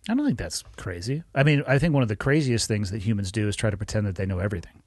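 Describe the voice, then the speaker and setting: A man hosting a podcast, joking and swearing freely in casual conversation, with a husky voice. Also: lowish voice, animated, rapid-fire, darkish tone, dry recording, clean studio sound. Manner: profane, joking. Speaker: podcast host.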